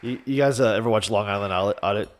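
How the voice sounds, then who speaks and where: A man rattles along quickly on a casual podcast. He rambles, restarts his sentences and piles on "you know" and "like". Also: lowish voice. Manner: rambling, full of fillers and restarts. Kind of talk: casual comedic chat.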